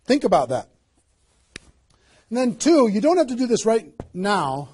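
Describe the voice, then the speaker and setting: Man, high voice, husky, energetic motivational trainer, emphatic, rhetorical questions. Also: a little slow. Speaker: network marketing trainer. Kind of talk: motivational seminar talk.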